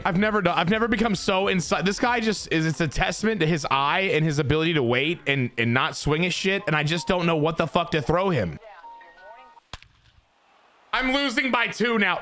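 A young man giving live gameplay commentary as a streamer, excitable and self-mocking, swearing freely. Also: a little high, a little fast, faint music behind. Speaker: gaming streamer.

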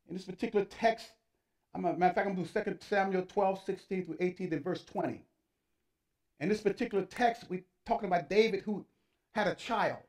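Older male pastor, fervent sermon delivery, emphatic exhortations to the congregation. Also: sits high.

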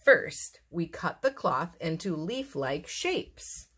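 A woman reading aloud voices a cheerful little female mouse in a bright, eager, sing-song way. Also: on the low side, big pitch swings, slow pace, breathy edge, exaggerated voice. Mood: cheery.

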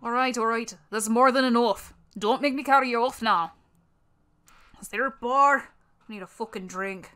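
A woman voicing a giant, gentle, hard-drinking male lumberjack in a gruff attempted Irish accent, in a voice acting audition. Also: a little high, normal speed.

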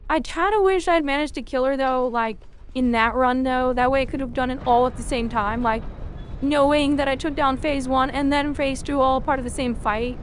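A woman streaming a video game, reacting loudly and swearing freely at each twist of the fight. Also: high voice, a little hiss or hum. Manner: excitable, swears a lot, talks at the game. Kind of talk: live gameplay commentary.

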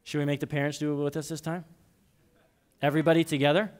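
A man's voice: on the high side, level tone, fast talker. A man giving a children's message in church, reading a story and leading the kids in call-and-response. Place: church sanctuary.

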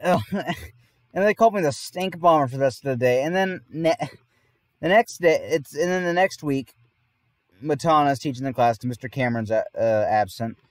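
A man's voice: fairly high pitch, animated, normal speed, dry recording. A man telling a long personal story in casual podcast chat, rambling and often laughing mid-sentence. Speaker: podcast host.

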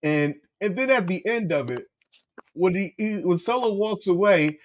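Upbeat podcast co-host guy, voice on the higher side, laughs a lot. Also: expressive, normal speed. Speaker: wrestling review co-host. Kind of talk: casual podcast chat.

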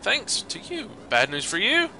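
A man's voice: high-pitched, huge pitch swings, measured pace, pushed and bright, slight background noise, pitched above the performer's own voice, full character voice. A man voicing a chummy, talkative male snake in a jokey way while reading game dialogue aloud. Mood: cheeky. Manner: jokey, chatty reading with laughs.

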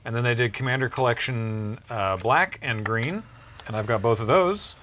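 Casual stream regular, male, bright tone, wry running commentary, faint noise behind. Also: mid-range voice, moderate pace. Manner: wry, sorting through cards aloud. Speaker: show regular. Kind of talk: casual chat on a card-game stream.

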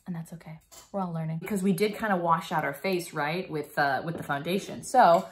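A woman's voice: sits low, fairly quick. A young woman giving a casual, playful stage makeup lesson for kids, chatty with many fillers and silly sound effects. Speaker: makeup tutorial teacher.

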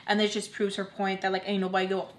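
A woman at a middling pitch tells a storytime to her viewers, casual and animated, trading quoted lines back and forth. Her voice carries a noticeable room echo, as if she is talking in a bare space. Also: fast. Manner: animated retelling, trades quoted lines, says "y'all". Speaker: vlogger. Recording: roomy echo.

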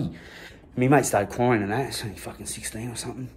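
A man with an Australian accent rattles off a story at a quick clip. He rambles from one detail to the next, packing every phrase with slang and swearing. His voice sits at an everyday middle pitch. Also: steady tone, a little mellow. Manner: profane, rambling slang-heavy delivery. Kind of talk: casual anecdote telling.

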